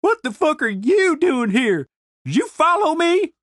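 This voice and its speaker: A man's voice: very high-pitched, very animated, a little slow, fairly bright tone, dry recording, clean studio sound, pitched above the performer's own voice, exaggerated voice. A man voicing a drunk, belligerent, foul-mouthed woman who taunts and swears. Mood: furious. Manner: crude, slurred taunting.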